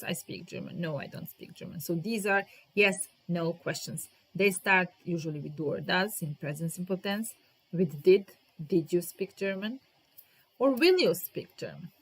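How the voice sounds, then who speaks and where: Patient woman teaching grammar. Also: on the low side. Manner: patient, repeats example sentences slowly; talks to viewers in the chat by name. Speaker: English teacher. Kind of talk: live-streamed grammar lesson.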